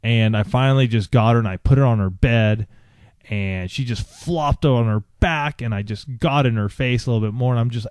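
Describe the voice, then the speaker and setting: A man co-hosting a podcast, telling a candid personal story in a halting way, with many restarts and fillers. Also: medium pitch, darkish tone, no echo, studio quality. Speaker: podcast co-host.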